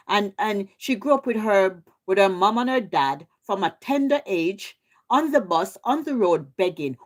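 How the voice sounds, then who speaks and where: A woman's voice: medium pitch, animated, normal speed. A Jamaican woman hosting a livestream, ranting heatedly and swearing in repetitive bursts. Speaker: livestream host. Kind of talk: ranting live commentary.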